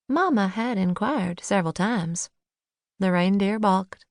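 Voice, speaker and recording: A woman narrating a first-person novel in a measured, lightly wry manner, on a close studio mic. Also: mid-range voice, no room sound. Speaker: audiobook narrator.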